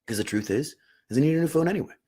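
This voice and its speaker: Husky-voiced man teaching meditation. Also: fairly high pitch, expressive, racing, mellow. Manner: earnest and emphatic, repeats words for stress. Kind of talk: unscripted teaching talk on meditation.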